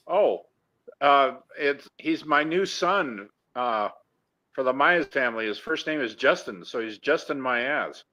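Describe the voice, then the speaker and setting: A man's voice: mid-range voice, lively intonation, unhurried, sharp tone. A man joining a livestream chat, speaking in a matter-of-fact way. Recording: dull lo-fi line.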